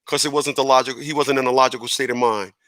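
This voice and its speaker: Bright-voiced rambling male radio host. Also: mid-range voice, fast, no echo. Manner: animated, self-correcting, chuckling asides. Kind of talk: casual rambling monologue.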